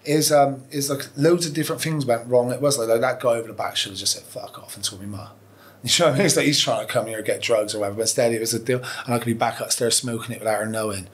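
A man's voice: mid-range voice, rapid-fire. A man, telling his story as a podcast guest, candid and profane, rambling with restarts. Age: 40s. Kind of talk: casual interview storytelling.

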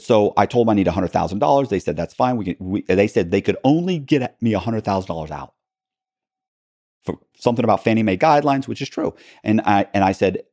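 A man's voice: lowish voice, a little mellow, no echo, studio quality. A man telling a story as a podcast guest, acting out both sides of the dialogue.

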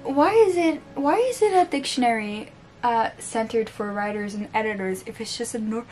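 A woman's voice: a little high, expressive, normal speed, darkish tone, slight background noise. Chatty tired woman with a French accent. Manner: chatty, self-mocking, stumbles over words. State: sleep-deprived, tired. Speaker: book vlogger. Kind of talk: casual unboxing chat. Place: home room with books on the floor.

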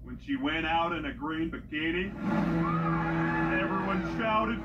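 A comedic joke teller with a punchy delivery who shouts each setup line before the punchline. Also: medium pitch, lively intonation, measured pace, long pauses, dull audio, over loud music.

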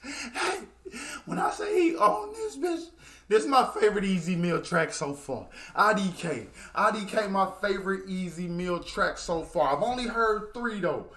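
A man reacting to a song on his channel, hyped and exclaiming as he talks. His pitch swings widely from low to high, and faint clicks are heard in the background. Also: a bit bright, slight background noise. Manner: exclamatory, hyped, swears freely. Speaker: reaction video host. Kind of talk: excited music reaction commentary.

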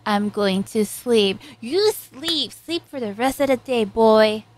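A woman reacting to an anime, talking to the characters on screen and swinging between loud cheering and soft, sympathetic murmurs. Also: on the high side, lively intonation, slow pace, dry recording. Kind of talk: emotional anime reaction commentary.

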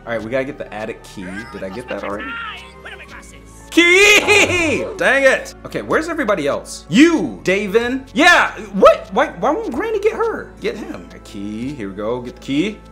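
An excitable young man from Los Angeles narrates his game run with a high, bright voice that swings wildly up and down. He yelps, laughs and trash-talks the game as he plays, with faint music behind him. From Los Angeles, California. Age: young adult. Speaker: gaming YouTuber. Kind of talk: game commentary.

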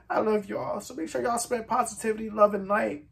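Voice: medium pitch, fairly even intonation, brisk, creaky, a little hiss or hum. A music reaction vlogger in casual chat, emotional and close to tears, gushing and laughing between sentences.

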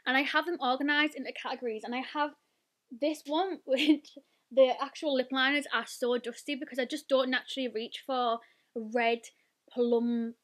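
A British woman in her twenties, a beauty vlogger chatting excitedly while unboxing and swatching, gushing with lots of "like" and "oh my god". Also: sits high, normal speed. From United Kingdom.

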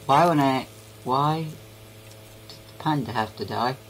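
A man's voice: mid-range voice, unhurried, slight background noise, rough recording. A young man giving goofy, rambling commentary while playing a game. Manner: goofy, rambling, talks to himself. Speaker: gaming video creator.

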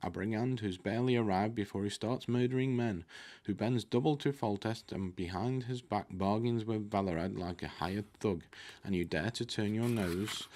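Haughty nobleman with a short fuse, low in pitch, blustering as a male reader voices him. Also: a little mellow, lightly acted. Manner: blustering, contemptuous. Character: arrogant haughty male nobleman, quick-tempered.

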